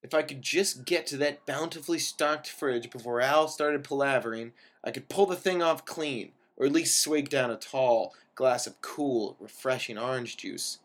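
A man's voice: medium pitch, moderate pace, hardly any pauses. A man reading a first-person story aloud in a wry manner, lingering over descriptive words.

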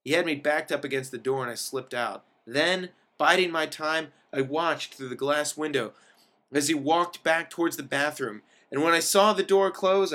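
A man's voice: fairly high pitch, pushed and bright. A man reading a first-person story aloud in a wry manner, lingering over descriptive words.

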